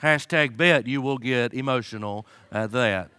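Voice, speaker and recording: A man preaching a sermon as a pastor, swinging from loud high-pitched fervor to quiet, low pleading and using folksy humor. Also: measured pace, clear, resonant tone, no room sound. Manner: folksy humor, acts out his listeners' excuses.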